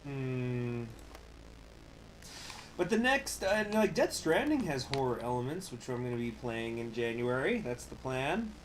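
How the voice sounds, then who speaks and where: A man streaming a strategy game, chatting with viewers, reading event text aloud and breaking into loud, swearing surprise. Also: medium pitch, sing-song, measured pace, a little hiss or hum. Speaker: gaming streamer.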